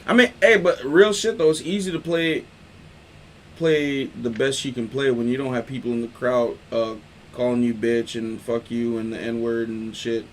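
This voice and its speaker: A man hosting a casual sports talk stream, riffing in loose, slangy, animated talk. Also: medium pitch, moderate pace, slight background noise. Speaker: host.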